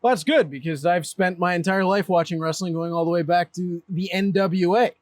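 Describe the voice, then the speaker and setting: Male guest, fairly high pitch, dry close sound, teasing and provoking. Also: fairly quick, no room sound. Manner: needling, playful, provoking. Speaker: guest, play-by-play announcer. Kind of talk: comedic casual banter. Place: outdoors in a backyard.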